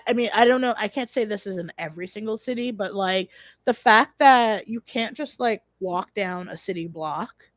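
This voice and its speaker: A woman's voice: mid-range voice, dry recording. A young woman hosting a casual livestream, talking in a rambling, blunt way, full of fillers and restarts, with casual swearing. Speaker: livestream host.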